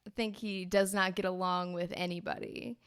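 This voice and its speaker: A woman's voice: fairly low pitch, steady tone, moderate pace, clear, resonant tone, dry recording, studio quality. A woman guest on a tabletop podcast, talking casually and thoughtfully with some hesitations. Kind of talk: casual chat.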